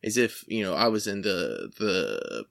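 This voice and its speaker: A man with a bright, forceful voice hosts a podcast interview. He rambles and halts, restarting his sentences. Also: deep voice, sing-song, vocal fry. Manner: rambling, halting. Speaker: podcast host. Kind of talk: casual interview chat.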